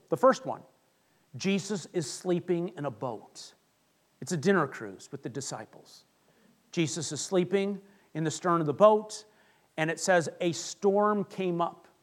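A male pastor preaching a sermon, retelling Bible stories with lively acted-out voices. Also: high-pitched. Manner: animated storytelling, acts out Bible characters.

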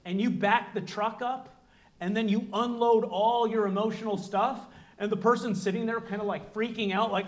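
High-voiced man explaining to an audience. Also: normal speed. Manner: earnest, explanatory, acts out short dialogues. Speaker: presenter. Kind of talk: talk to a live audience. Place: room with an audience.

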